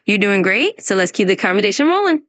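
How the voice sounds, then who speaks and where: A synthetic female voice plays an AI English tutor in scripted conversation practice, speaking fast at a medium pitch with a bright, very animated tone and no room sound. She is upbeat and encouraging as she answers questions and offers pronunciation tips.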